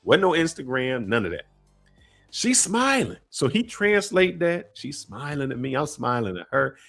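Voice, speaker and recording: Animated slangy man telling a story. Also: mid-range voice, moderate pace, creaky, soft background music. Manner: animated, slangy storyteller who acts out voices and laughs often. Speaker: podcast co-host telling a travel story. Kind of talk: casual storytelling chat.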